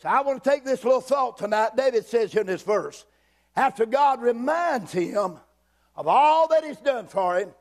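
Preacher man, very high voice, fervent, repetitive, breaks into shouts. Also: lively intonation, moderate pace. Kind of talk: sermon.

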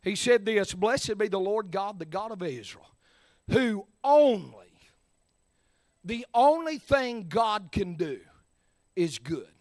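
A man preaching a sermon in church, sliding from low, easy talk up to shouted, drawn-out lines. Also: lively intonation, no echo.

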